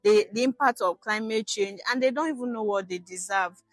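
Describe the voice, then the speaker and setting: A woman's voice: medium pitch, brisk, dry recording, soft background music. Nigerian woman explaining advocacy work. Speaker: budget officer. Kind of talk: interview answer.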